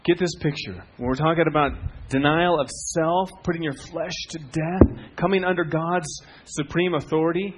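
A middle-aged man preaching a sermon as a pastor, telling stories with swings from hushed to loud. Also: on the high side, steady tone, moderate pace, hardly any pauses, slight background noise.

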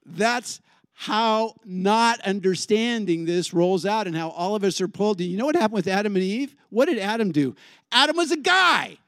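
A man preaching a sermon in a lively, conversational way, putting questions to the congregation. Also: high voice, normal speed, clear, resonant tone, dry recording, clean studio sound. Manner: animated, conversational, asks the crowd questions. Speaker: pastor.

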